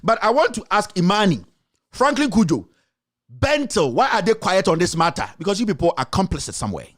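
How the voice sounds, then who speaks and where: Ghanaian guy ranting on his show, accusing everyone, fast rhetorical questions, voice jumping all over. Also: sits high, sing-song, a bit bright. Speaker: journalist and show host. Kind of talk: heated political commentary.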